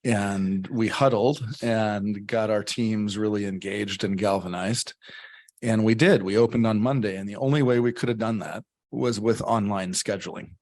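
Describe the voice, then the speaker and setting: An older man answering at a panel discussion, measured and full of fillers. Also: on the low side, steady tone, a little mellow. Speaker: health system leader on a panel.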